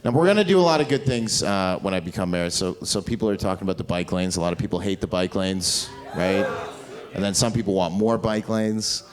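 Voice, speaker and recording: A man doing a brash stand-up comedy set, tossing off deadpan asides. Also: low voice, fairly quick. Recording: live comedy club with crowd laughter.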